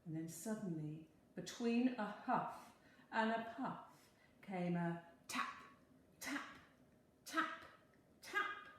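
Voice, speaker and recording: A woman teacher reading a picture book aloud in a slow, expressive storytelling voice. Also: fairly low pitch. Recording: very echoey room, faint hum.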